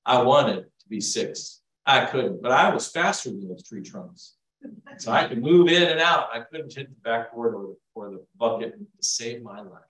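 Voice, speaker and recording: A man preaching a sermon, swinging between hushed asides and loud emphasis. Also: medium pitch, expressive, normal speed. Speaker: pastor. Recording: echoey room, mic from far off.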